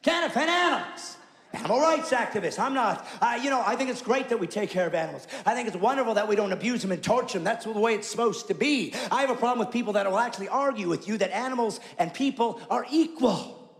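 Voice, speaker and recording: Man, stand-up comic, emphatic and opinionated; high voice, long reverb. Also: lively intonation, fast, creaky. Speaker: stand-up comedian. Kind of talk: stand-up routine.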